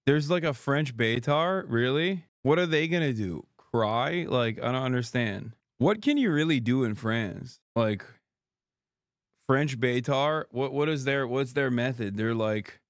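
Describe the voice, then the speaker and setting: A man's voice: mid-range voice, lively intonation, unhurried, no room sound, studio quality. A man hosting a livestream, reacting to news in a casual, sarcastic, profane, joking way. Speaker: streamer host.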